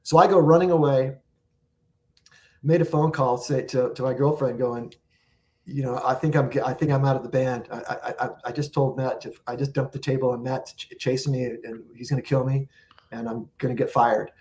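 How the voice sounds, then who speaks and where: A man in a casual interview, spinning a long story about life on tour. He jumps between scenes and acts out the lines of the people in it. His voice sits in an ordinary middle pitch. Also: fairly even intonation, normal speed, darkish tone. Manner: rambling anecdotes with acted-out quotes. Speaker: guest musician.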